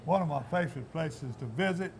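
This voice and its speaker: Folksy host, slightly high voice. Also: male voice, a little fast, creaky, slight background noise. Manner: folksy, rambling, repeats himself. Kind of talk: casual outdoors-show chat. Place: inside a Cajun meat shop.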